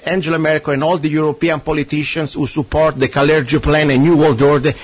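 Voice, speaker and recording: Ranting Italian-accented radio host, husky. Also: male voice, a little high, no echo. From Italy. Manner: ranting, sarcastic, emphatic. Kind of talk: talk radio chat with a guest.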